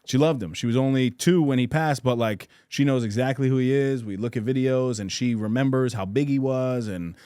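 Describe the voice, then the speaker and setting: A man's voice: mid-range voice, a little fast, hardly any pauses, warm tone, smooth, no room sound, clean studio sound. A man in casual podcast conversation, talking in an earnest, reflective way with frequent restarts and self-corrections.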